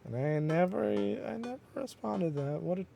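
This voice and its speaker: A man's voice: high voice, expressive, moderate pace, vocal fry, over music. Joking man streaming a game. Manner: joking asides, reads game messages aloud. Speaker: streamer playing a dating game. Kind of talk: casual let's-play commentary.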